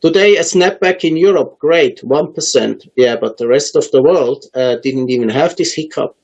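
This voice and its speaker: A man's voice: a little high, normal speed, a little mellow, poor audio. Hesitant man with a raised voice. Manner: hesitant, many ums and uhs, restarts. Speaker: market analyst guest. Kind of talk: unscripted interview answers.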